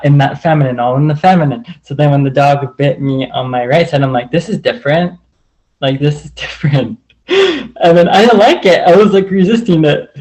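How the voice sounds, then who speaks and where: A man tells personal stories in a casual, earnest, open way, rambling and saying "like" over and over. His voice is medium-pitched and a little mellow, and the recording quality is low.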